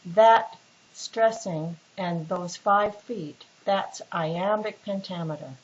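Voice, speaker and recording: A woman literature instructor gives a casual, patient recorded lecture, full of fillers and restarts. Her voice is on the low side and slow in pace, captured in a dull lo-fi recording with faint hiss.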